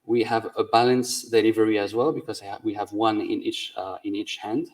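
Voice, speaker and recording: A man's voice: on the low side, fairly even intonation, moderate pace, distant mic, rough recording. A man giving a technical conference talk, explaining step by step with frequent hesitations. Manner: methodical, explaining step by step with many "uh"s. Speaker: conference speaker, sound designer.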